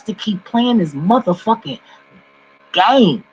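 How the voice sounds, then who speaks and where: A man ranting casually and profanely to his viewers from home, swinging between loud outbursts and low mumbling. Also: lively intonation, a little slow. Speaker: vlogger. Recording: dull lo-fi recording with faint mains hum.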